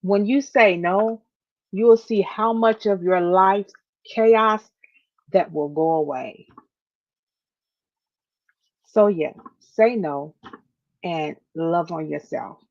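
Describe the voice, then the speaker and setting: A woman hosts a podcast in a lowish voice, speaking straight to her listeners with heartfelt emphasis and repeated phrases. She sounds close to tears. The audio is dull and lo-fi. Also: slow, pauses often. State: near tears. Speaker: podcast host.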